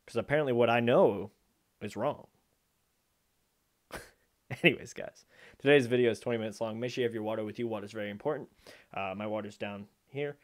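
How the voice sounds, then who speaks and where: Man, mid-pitched, casual and playful reactor, rambles. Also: lively intonation, moderate pace. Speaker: video reactor. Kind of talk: casual chat to camera.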